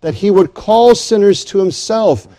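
A man's voice: high voice, a little slow, dark tone. A man preaching a sermon, earnest and building to emphatic declarations.

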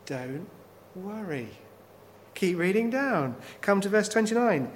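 Male preacher, sermon, rhetorical questions, slightly high voice, faint background noise. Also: big pitch swings, slow. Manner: poses repeated rhetorical questions. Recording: long hall reverb, faint noise.

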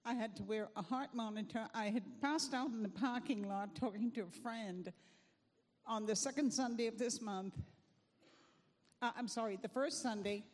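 A woman giving a church testimony in an earnest, fervent, unhurried way. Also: on the high side, darkish tone. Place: church sanctuary. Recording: long church hall reverb.

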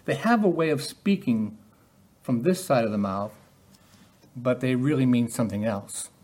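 Husky-voiced man preaching. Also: medium pitch, animated, moderate pace, a little mellow. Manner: conversational, asks the listeners rhetorical questions. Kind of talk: sermon.

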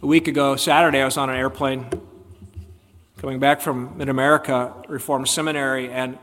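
A man's voice: mid-range voice, little pitch movement, brisk, fairly bright tone. A man preaching a sermon as a pastor, emphatic and fond of rhetorical questions put to his congregation. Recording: long hall reverb.

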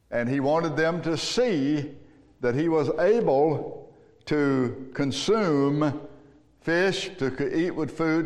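A man preaching a sermon, telling a story with emphasis and swinging from hushed to loud. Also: medium pitch. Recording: long hall reverb.

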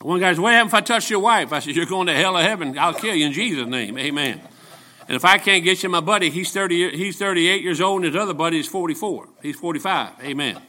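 A man's voice: high-pitched, fast, pushed and bright. A man of seventy preaching a folksy, joking sermon full of personal stories. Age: 70s. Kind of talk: storytelling sermon.

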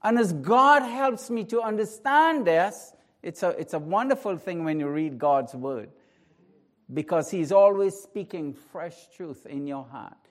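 A pastor preaching a sermon, moving between a hushed, slow prayer and emphatic, rising declarations. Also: male voice, sits high, expressive.

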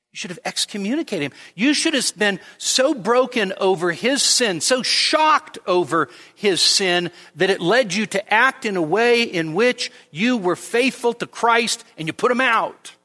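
A man preaching a midweek church sermon, his voice bright and forward with a slightly raised pitch. He talks slowly and conversationally, full of fillers and asides. When he quotes scripture, his voice climbs noticeably higher and louder. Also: lively intonation, long reverb tail. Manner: conversational, with frequent fillers and rhetorical "right?" checks; rises sharply in pitch and volume when quoting scripture. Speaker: pastor. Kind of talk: expository sermon. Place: church sanctuary.

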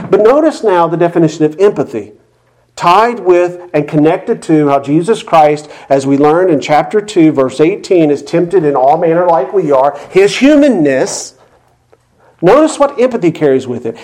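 A man's voice: a little high, animated, moderate pace, darkish tone. A man preaching an expository sermon as pastor, teaching earnestly with emphatic repetition.

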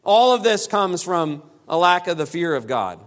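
A man's voice: high voice, big pitch swings, normal speed. A man preaching an expository sermon, emphatic and given to repeating phrases for stress. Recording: long hall reverb.

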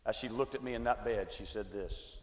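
A man's voice: fairly low pitch, brisk. Man preaching his testimony. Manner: swings from quiet storytelling to shouted climaxes. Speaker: evangelist. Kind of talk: testimony sermon. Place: church sanctuary. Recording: echoey church hall.

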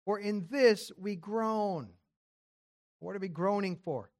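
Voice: medium pitch, takes it slowly. Conversational preacher teaching scripture. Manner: reads scripture aloud, then explains in plain talk with rhetorical questions; casual spoken phrasing with occasional throat clearing. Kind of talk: expository sermon.

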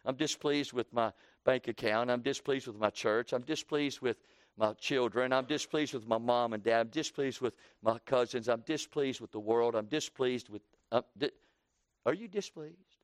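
A man's voice: mid-range voice, normal speed, no room sound. A man preaching an evening sermon, emphatic, with repeated rhetorical questions and lists.

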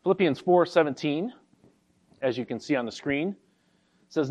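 A man pastor giving an expository sermon, carefully explaining a Bible verse and reading the scripture slowly. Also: fairly high pitch, animated, a little mellow, highs cut off.

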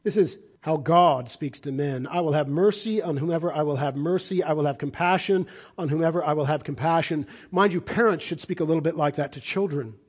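A man delivers a sermon in a slightly higher voice. He alternates between forceful, emphatic proclamations and hushed, low asides. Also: brisk, slightly rough. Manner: emphatic, swings between loud declarations and quiet low asides. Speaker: preacher.

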